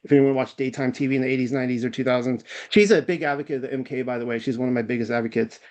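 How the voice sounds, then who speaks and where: A man with a Californian accent speaks in a racing, medium-pitched voice with fairly even intonation and a darkish tone. A guest in a casual online podcast chat, he rambles and is self-deprecating, full of fillers and restarts.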